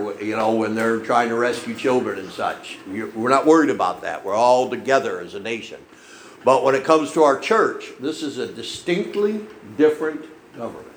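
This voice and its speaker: Man, preacher, folksy sermon storytelling, roomy echo, faint background hum. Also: medium pitch. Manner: folksy storytelling, frequent "okay?" tags. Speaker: pastor. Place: church.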